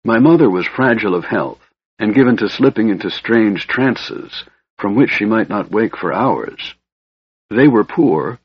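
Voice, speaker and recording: A man's voice: fairly low pitch, husky. A man voicing a frail, sardonic young male mage who talks in a cold, hissing whisper, on a dull lo-fi recording. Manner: cold, brooding, bitter.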